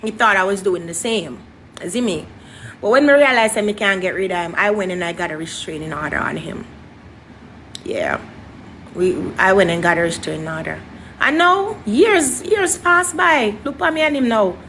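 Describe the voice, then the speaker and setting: A young woman, a guest telling her story in an interview in an animated, dramatic way. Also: fairly low pitch, fairly quick, a little hiss or hum. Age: young adult.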